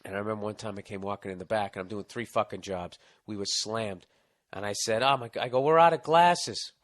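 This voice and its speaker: On the podcast he hosts, a man with a low-leaning voice talks quickly, reading a listener's letter and ranting through foul-mouthed, animated stories.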